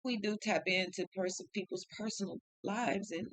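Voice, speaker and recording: A woman's voice: medium pitch, moderate pace, a bit bright, dry recording, rough recording. Blunt, profane woman tarot reader. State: upset and tearful. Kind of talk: casual spoken tarot reading.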